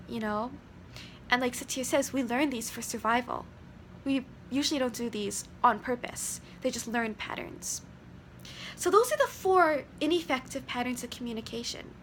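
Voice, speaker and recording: High-voiced young woman vlogger, earnest and explanatory. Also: a bit bright, a little hiss or hum. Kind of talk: casual explanatory talk.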